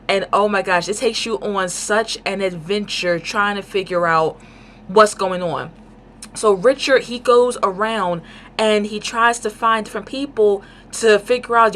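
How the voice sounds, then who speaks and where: A woman giving a casual book review, talking in an excited, rambling way with lots of fillers. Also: medium pitch, normal speed, a little hiss or hum.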